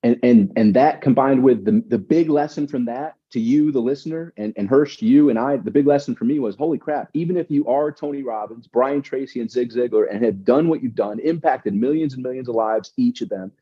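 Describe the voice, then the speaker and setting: A man's voice: mid-range voice, brisk, few pauses, slightly rough. A man telling stories as an interview guest, emphatic and repeating words as he talks. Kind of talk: conversational interview. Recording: dull lo-fi sound.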